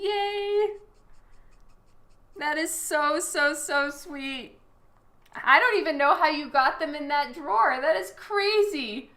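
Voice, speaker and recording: A woman's voice: high-pitched, bright, forceful tone, roomy sound. A woman chatting casually with her live-stream audience while she works, laughing often and reacting to messages. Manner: giggly, reacts to chat with frequent laughter. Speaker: livestreaming artist.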